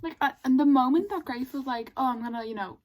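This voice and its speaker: A chatty woman talking through her reading in a casual vlog. Her voice sits a little high, and she gushes one moment and groans in exasperation the next. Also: quick pace, rough recording. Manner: chatty, excitable, gushing and exasperated asides. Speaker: book vlogger.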